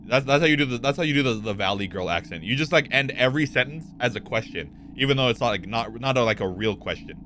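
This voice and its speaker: A man's voice: mid-range voice, fast, few pauses, slight background noise. A young man doing live, joking gameplay commentary as a streamer, swearing casually. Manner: animated, swears casually, jokes.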